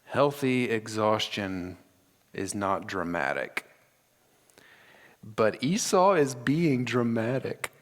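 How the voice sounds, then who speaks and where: Male pastor, animated sermon delivery acting out scenes, recorded in a church with long reverb. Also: lowish voice, takes it slowly, long pauses. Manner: animated, acts out scripture with dramatic voices. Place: church sanctuary.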